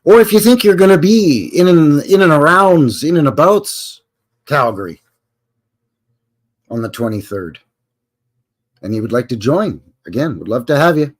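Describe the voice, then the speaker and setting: A man's voice: on the high side, expressive, normal speed, long pauses. An older man with a Canadian accent, hosting a live stream in a rambling, folksy and jokey way with slangy asides. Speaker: livestream host. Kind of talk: casual live chat.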